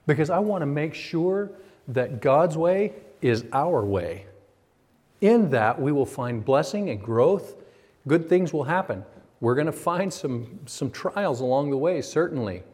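A man's voice: mid-range voice, lively intonation, measured pace. Emphatic preaching pastor, man. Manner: emphatic, swinging from raised intensity to quiet confiding. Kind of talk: sermon.

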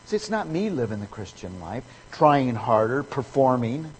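A man's voice: medium pitch, big pitch swings, moderate pace, in a large hall, a little hiss or hum, low-quality recording. A man preaching a sermon, emphatic and fond of repeating key phrases for effect.

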